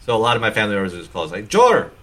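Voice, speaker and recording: A man's voice: lowish voice, bright, forceful tone. A man hosting a casual comedy podcast, telling stories and acting out quoted lines. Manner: storytelling, quick to act out quotes. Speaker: podcast host.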